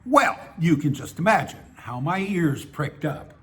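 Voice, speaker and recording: A man's voice: a little high, sing-song, unhurried, a bit bright. A man reading his own personal essay aloud, in a wry, dryly humorous way. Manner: wry, dry humour with small laughs.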